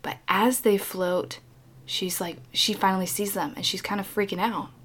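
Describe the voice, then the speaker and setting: Animated woman retelling a story. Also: mid-range voice, normal speed, husky. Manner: animated storytelling, acting out voices. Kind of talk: casual film recap.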